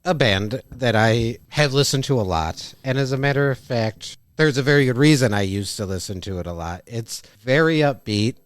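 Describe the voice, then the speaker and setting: Male podcast co-host, mid pitch, dry close mic, wry conversational delivery. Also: expressive, moderate pace, few pauses, no room sound. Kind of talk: casual chat. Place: small podcast studio. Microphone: studio microphone.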